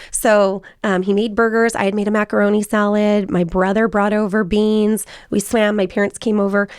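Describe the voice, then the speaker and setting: A woman's voice: medium pitch, normal speed, no echo, studio quality. Chatty woman telling family stories. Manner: chatty storytelling, quotes people in lively voices. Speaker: host. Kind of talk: casual chat.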